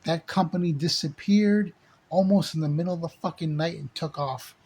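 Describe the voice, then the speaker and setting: A man's voice: on the high side, normal speed, a little mellow, husky. A man delivering an angry, profane ranting monologue to the camera, repeating himself and hurling insults. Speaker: channel host.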